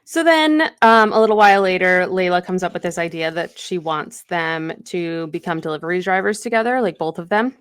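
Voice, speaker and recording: Woman podcaster recapping a novel, lowish smooth voice, dry close sound, lots of um and like. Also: animated, fairly quick, few pauses, dry recording. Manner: chatty retelling with many fillers and acted quotes. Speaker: podcast co-host. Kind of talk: casual book recap.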